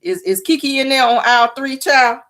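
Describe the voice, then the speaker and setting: Sassy woman hosting a live chat. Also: a little fast. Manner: sassy, blunt, talks straight to viewers; animated pitch jumps for emphasis. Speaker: livestream host. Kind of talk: casual live chat, reading viewer comments.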